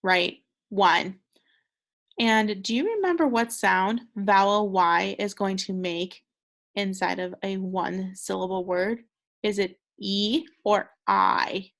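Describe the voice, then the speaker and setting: Slow, gravelly-voiced young woman teacher. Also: mid-range voice, fairly bright tone. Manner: patient, encouraging, carefully sounding out words. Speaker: second grade teacher. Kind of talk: recorded phonics lesson for children.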